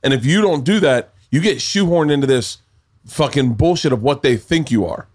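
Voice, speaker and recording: A man's voice: mid-range voice, animated, darkish tone. Rambling, swearing male podcast host. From Southern United States. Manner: rambling, swearing, quick restarts. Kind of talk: casual podcast chat.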